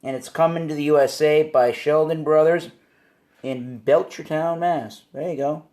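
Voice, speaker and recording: Male home video host, fairly high voice, animated, casual beer-review delivery. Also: moderate pace. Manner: animated, exclaims at surprises. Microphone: phone or camera mic.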